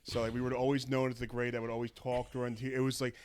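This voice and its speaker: A man's voice: medium pitch, monotone, quick pace, no room sound. A young man in his twenties, a podcast co-host, telling stories in a rambling casual way with many restarts. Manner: rambling, restarts, bursts into shouting. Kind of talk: casual chat.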